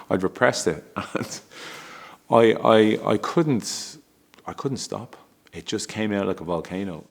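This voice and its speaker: A middle-aged man telling a candid, emotional story about his family, halting and restarting with small laughs. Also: lowish voice, vocal fry. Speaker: father telling a personal story.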